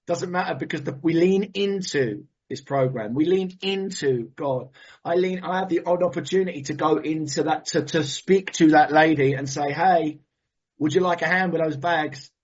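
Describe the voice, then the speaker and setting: A husky-voiced man shares his recovery story with animated, emotional storytelling and the odd swear word. The recording sounds muffled and lo-fi, as if captured on modest gear. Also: on the high side, normal speed. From England. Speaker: recovery meeting speaker.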